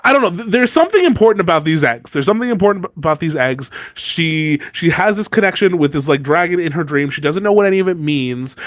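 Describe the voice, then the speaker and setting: A man's voice: fairly high pitch, lively intonation, fast, hardly any pauses, no room sound, clean studio sound. A man co-hosting a podcast, chatting casually about a book series, rambling with lots of fillers. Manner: rambling, many "like" fillers, mock outrage. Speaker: podcast co-host. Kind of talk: casual book-discussion chat.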